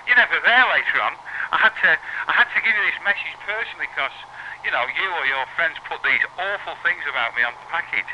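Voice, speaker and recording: Guy rambling and needling on a call, bouncy lively voice, hissy taped phone line. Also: fairly high pitch, quick pace. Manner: teasing, rambling, giggly. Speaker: caller. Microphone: telephone line.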